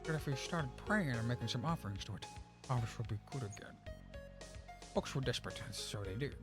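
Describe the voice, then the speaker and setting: A man's voice: medium pitch, expressive, a little fast, music in the background, pitched below the performer's own voice, lightly acted. Guy doing a folksy old village geezer voice, drawly, rambling storyteller. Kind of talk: reading game dialogue aloud.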